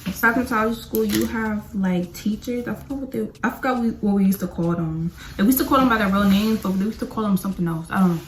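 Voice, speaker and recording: A young woman tells a storytime while doing her makeup. She rants and rambles, jumping from point to point in a casual, animated way. Her mid-range voice bounces around an echoey room. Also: medium pitch, quick pace, a little hiss or hum. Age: young adult. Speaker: beauty vlogger.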